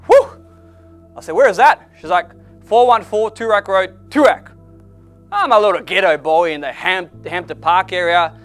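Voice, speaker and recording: A man, not an English speaker, telling a blunt, animated motivational story to an audience. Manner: animated, swings loud and excited to low and quiet; blunt with occasional swearing.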